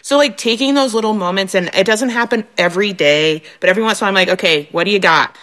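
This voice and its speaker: Woman, 30s, mother, radio guest, animated storyteller, enthusiastic. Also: mid-range voice, rapid-fire. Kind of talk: casual radio talk.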